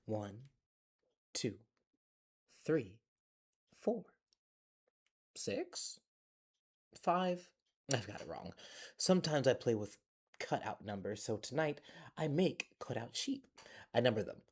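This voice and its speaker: A man reads a bedtime picture book aloud, breaking off for chatty asides to young listeners. His voice is warm and mellow. His pitch swings widely and playfully. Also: animated, a little slow, pauses often, slightly rough. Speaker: library storyteller.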